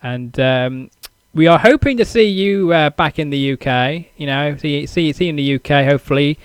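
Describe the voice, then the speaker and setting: Halting British man hosting a podcast. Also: a little high, smooth, dry recording. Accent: British English. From United Kingdom. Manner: halting, repeats words, many fillers. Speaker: podcast host. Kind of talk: casual interview.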